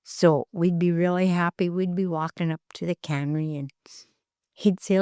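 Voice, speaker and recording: Elder woman from Alaska, storyteller, lower voice, unhurried, dry recording. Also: steady tone, dry recording. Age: older. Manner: slow, gentle storytelling with acted dialogue. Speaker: elder interviewee. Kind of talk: storytelling in an interview.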